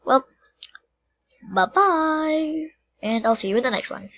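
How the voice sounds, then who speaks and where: A woman's voice: high voice, expressive. Chatty woman with a dull lo-fi mic. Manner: chatty, quick mood swings, drops into soft whispers. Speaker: gaming channel host. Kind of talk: casual gameplay commentary. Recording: dull lo-fi mic with faint noise.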